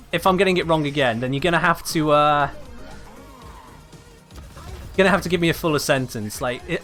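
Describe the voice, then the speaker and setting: Chatty man streaming a game over loud music. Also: on the high side. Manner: chatty, muses aloud, keeps asking viewers about a pronunciation. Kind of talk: casual live-stream chat while gaming.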